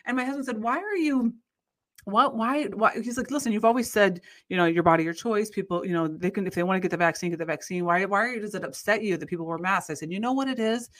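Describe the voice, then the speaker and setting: A woman's voice: medium pitch, racing, few pauses. A woman in her thirties from the United States, chatting casually as a podcast co-host and retelling her own story with lots of restarts. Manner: animated storyteller, restarts often, rises to exclaim. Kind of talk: casual chat.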